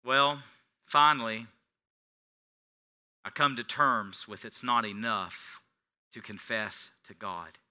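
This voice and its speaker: A middle-aged male pastor preaching a sermon, telling a personal story, swinging from hushed confession to loud preaching. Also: medium pitch, steady tone, slow pace, long pauses. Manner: confessional storytelling, dropping to near whispers then rising to shouts.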